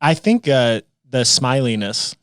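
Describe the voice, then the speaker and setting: A man with a New York accent chatting casually on a podcast, blunt and quick to laugh. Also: mid-range voice, expressive, dry recording, studio quality. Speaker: podcast co-host. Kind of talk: casual chat.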